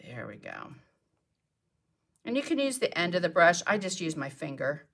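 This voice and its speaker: A middle-aged woman with a slightly low voice leads a live painting tutorial from her studio. She chats casually and talks to herself while she works. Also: big pitch swings, normal speed. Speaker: painting teacher. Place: home art studio.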